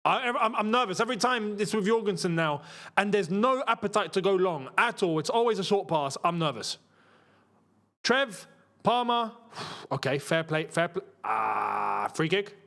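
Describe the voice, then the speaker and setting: Animated young football fan. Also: male voice, high-pitched, normal speed, creaky. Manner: frustrated, animated, swings between muttering and shouting. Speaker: football watchalong host. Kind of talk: live match watchalong commentary.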